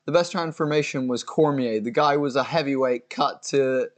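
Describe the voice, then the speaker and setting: A man's voice: medium pitch, normal speed. A young American man co-hosting a casual livestream, reading viewer messages aloud and answering them with swearing and sudden exasperated squeals. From United States. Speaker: livestream co-host reading chat. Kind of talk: casual watch-along chat.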